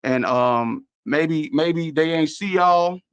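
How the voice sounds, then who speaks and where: A man with a Chicago accent talks casually on a radio show. His voice sits a little high. He rambles through his points with many fillers and restarts. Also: slow, clear, resonant tone, no echo. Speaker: award show organizer.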